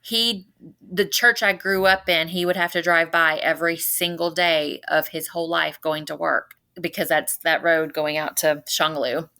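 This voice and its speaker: A woman in her forties from North Louisiana tells her personal story as a podcast guest, her low voice carrying a gravelly rasp. She speaks earnestly and retells each exchange by quoting what everyone said. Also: steady tone, normal speed, sharp tone. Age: 40s. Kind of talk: personal storytelling in casual conversation.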